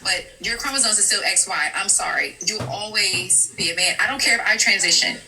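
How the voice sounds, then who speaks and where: A woman's voice: medium pitch, fairly quick, a little hiss or hum. A woman running a heated live-stream panel, speaking bluntly and cutting others off. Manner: blunt, forceful, cuts others off. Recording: distant from the mic.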